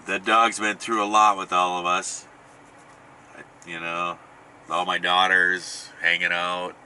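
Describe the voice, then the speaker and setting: A man's voice: low-pitched, little pitch movement, slow pace, bright, forceful tone, a little hiss or hum. A middle-aged man casually telling a rambling family story, often restarting and chuckling. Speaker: podcast host.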